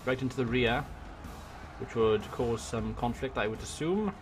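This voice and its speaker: A man from Wales with a Welsh accent, giving excitable let's-play commentary on a strategy game into a desk microphone, swearing and muttering to himself as he plays. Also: mid-range voice, moderate pace, over music. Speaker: gaming YouTuber. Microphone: desk USB microphone.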